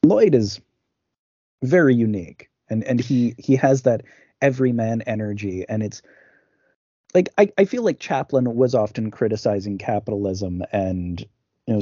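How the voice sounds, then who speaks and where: A man's voice: fairly low pitch, mellow, breathy edge, dry recording, dull audio. A man co-hosting a podcast, chatting casually about films, with many fillers and restarts. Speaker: podcast co-host. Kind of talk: casual film discussion.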